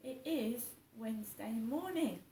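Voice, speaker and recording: A gravelly-voiced, middle-aged woman talks through her morning in a chatty, rambling way, circling back to the same points. She sounds a little distant from the mic, and the room gives her voice a noticeable echo. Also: on the high side, animated, unhurried, dark tone, a little hiss or hum. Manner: chatty, rambling, repeats herself. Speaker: vlogger. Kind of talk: casual morning vlog. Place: home, indoors.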